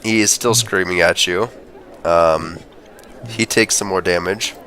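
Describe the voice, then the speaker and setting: A man's voice: deep voice, measured pace, sharp tone, slight background noise. A man running a tabletop game as dungeon master, narrating casually with frequent laughs and fillers. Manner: chatty, laughs often, many fillers.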